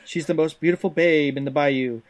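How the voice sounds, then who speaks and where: Guy doing a cheesy cajun announcer voice, hammy drawl, kinda high for a dude. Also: steady tone, moderate pace, close to an everyday voice. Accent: put-on Cajun. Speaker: podcast co-host. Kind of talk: comic retro booklet reading.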